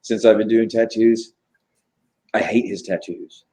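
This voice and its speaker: Low-ish voiced guy rambling on a stream, lots of uhs and cussing. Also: steady tone, measured pace, warm tone. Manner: rambling, profane, filler-heavy. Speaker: tattoo artist on a live chat stream. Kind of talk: casual chat.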